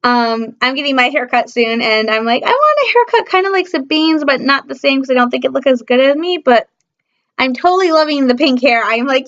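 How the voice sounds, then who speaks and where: A young woman from Michigan rambles excitedly through a casual fan review. She fills her talk with hesitations and breaks into happy squeals. Her voice sits high, and the audio is dull and lo-fi. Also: brisk. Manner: excitable, gushing, many fillers, bursts into squeals. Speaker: fan vlogger.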